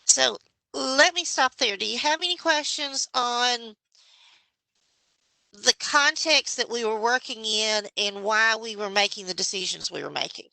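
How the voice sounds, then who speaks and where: A woman giving a measured, explanatory presentation to a state education board as a committee member. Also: on the high side, gravelly, sharp tone, no room sound, low-quality recording. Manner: explanatory, measured, with some restarts. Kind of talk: formal presentation.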